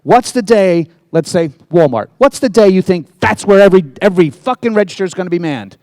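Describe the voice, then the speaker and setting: A man answering questions at a convention panel, joking and swearing in a loose, animated rant. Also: high-pitched, brisk, no room sound. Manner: profane, animated, jokey. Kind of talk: casual fan Q&A, rambling rant.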